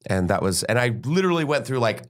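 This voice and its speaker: A man, a comedian guest on a podcast, telling a story in a halting way with lots of fillers. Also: medium pitch, big pitch swings. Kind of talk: casual comedy chat.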